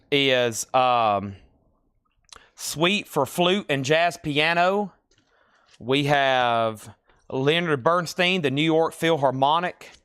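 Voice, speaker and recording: A man's voice: on the high side, a bit bright, smooth, no room sound, clean studio sound. A man hosting a live record sale, chatty, rattling off titles and prices between side stories.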